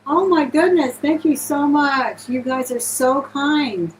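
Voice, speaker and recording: Bubbly, higher-voiced woman auction host. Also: darkish tone, slight background noise, poor audio. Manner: effusive, gushing thanks to viewers. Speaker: live-stream auction host. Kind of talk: casual live-stream selling chat.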